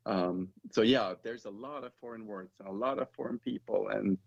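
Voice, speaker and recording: A man's voice: on the low side, normal speed, gravelly, muffled recording. A man being interviewed as an author, talking in a chatty, rambling way with laughs. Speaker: author, guest. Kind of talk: casual interview chat.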